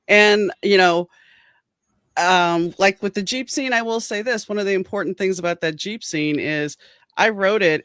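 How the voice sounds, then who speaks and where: A woman's voice: sits low, fairly bright tone, no room sound. A woman author speaking as an interview guest in an earnest, reflective way. The sound is dry and close, with no room around her voice. She talks through her writing process at an easy, conversational pace. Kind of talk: casual interview chat.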